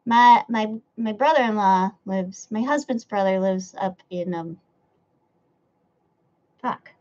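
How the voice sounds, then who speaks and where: A woman's voice: medium pitch, slow, darkish tone, muffled recording. A woman, live-streaming from home and chatting casually as she reads out her chat, swearing and laughing often. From United States. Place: home room near a window.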